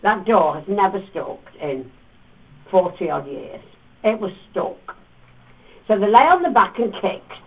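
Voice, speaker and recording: A man's voice: high-pitched, unhurried, vocal fry, long pauses, husky. A man guiding a tour group through a cave, telling teasing stories and acting out voices. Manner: playful, teasing storyteller with animated voices. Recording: distant, phone-like thin sound.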